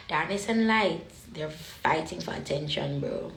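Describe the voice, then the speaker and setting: A woman's voice: on the low side, expressive, moderate pace, pushed and bright, reverberant, a little hiss or hum. A woman talking in an emotional, casual monologue, emphatic and repetitive. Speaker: vlogger.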